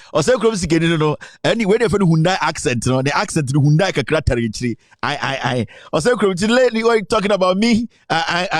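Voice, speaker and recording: A man's voice: on the high side, dry recording, clean studio sound. A Ghanaian man hosting a live political talk stream, boastful and rambling, switching between Twi and English. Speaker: online show host.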